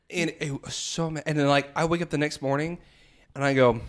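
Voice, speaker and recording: A man telling a story in casual chat, animated and self-mocking, acting out what he said. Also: on the high side, brisk. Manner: animated, self-mocking, acts out his own quotes.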